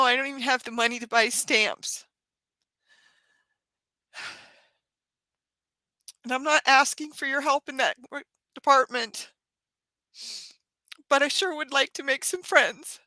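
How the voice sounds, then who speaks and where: A woman hosting a live stream for her yarn craft channel, tearful and crying, talking in a halting, sighing, apologetic way. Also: high voice, bright, forceful tone, no room sound.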